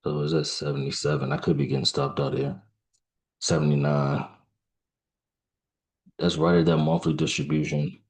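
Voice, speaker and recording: Male trader, very low gravelly voice, thinks aloud haltingly while watching the market, a bit tired. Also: flat delivery. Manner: halting, musing aloud with fillers and restarts. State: yawning, tired. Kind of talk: live trading commentary.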